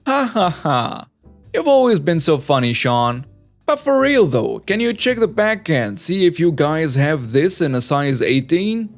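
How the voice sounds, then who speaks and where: A man's voice: fairly high pitch, very animated, a little slow, faint music behind. A man voicing a snobby, entitled woman shopper who talks in a pushy, demanding way. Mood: condescending. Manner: snobby, demanding, mock-sweet.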